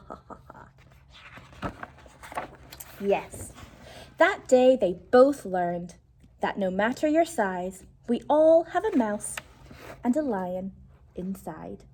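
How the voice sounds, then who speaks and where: Slow, expressive woman reading a rhyming storybook. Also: fairly high pitch, a little hiss or hum. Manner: slow, expressive, hushed at tense moments. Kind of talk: reading a rhyming picture book aloud to children.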